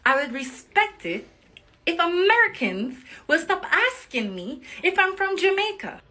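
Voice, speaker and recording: A woman's voice: extremely high pitch, very animated, unhurried, bright, forceful tone. A woman from the Caribbean, speaking in a social media clip with a frustrated, explaining manner.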